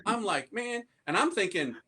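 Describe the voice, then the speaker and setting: A priest tells the story of his conversion in slangy, street-style speech, acting out the voices of people he quotes and laughing often. His voice is high-pitched, animated and fairly bright, and he speaks a little fast.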